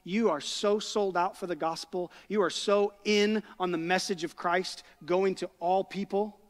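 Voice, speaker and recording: A man in his thirties delivers a sermon with a high-pitched voice. He talks in a relaxed, storytelling way, checking in with his listeners as he goes. The sound carries a long echo from the church sanctuary. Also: a little slow. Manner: conversational storytelling, asks "right?" and "okay?" often. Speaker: pastor. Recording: long hall reverb.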